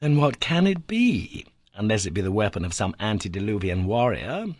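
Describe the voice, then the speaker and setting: A man's voice: on the low side, normal speed, breathy edge, dry recording, clean studio sound. A man doing an eager young explorer. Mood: excited. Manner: excited, impetuous.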